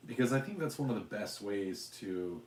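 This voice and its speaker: Deep-voiced man rambling in a roomy space. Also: lively intonation, normal speed. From Utah. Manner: rambling, hesitant, many fillers and restarts. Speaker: channel host. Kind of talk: casual livestream chat. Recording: roomy echo.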